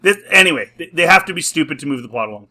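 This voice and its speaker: A man's voice: fairly high pitch, lively intonation, rapid-fire, bright, forceful tone. A man giving a casual, sarcastic review commentary, exasperated and often laughing at the scenes he describes. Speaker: film and TV reviewer.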